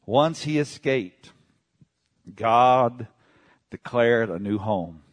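In an expressive delivery full of drawn-out words, a male pastor preaches a charismatic sermon. He drops into low murmurs, then shouts exclamations, and gets the congregation to echo phrases after him.

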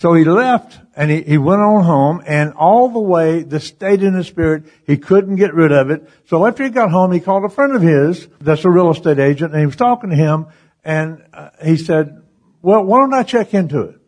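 Preacher guy telling a story in a sermon, fairly high voice, slightly raspy, does little voices. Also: moderate pace. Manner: animated, acts out voices in his stories, chuckles between lines.

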